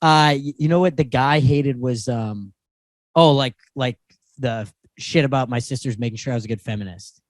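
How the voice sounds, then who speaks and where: A man's voice: medium pitch, normal speed, no echo. A young man, a comedian, casually telling stories on a podcast, laughing often and acting out what people said. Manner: animated, laughs often, acts out quotes. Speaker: podcast co-host, stand-up comedian. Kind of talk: casual chat, storytelling.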